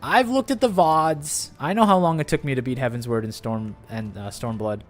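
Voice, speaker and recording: A man's voice: medium pitch, normal speed, soft background music. A man streaming a game live, chatting with his viewers in a sarcastic, playfully defensive way. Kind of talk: casual gaming livestream commentary.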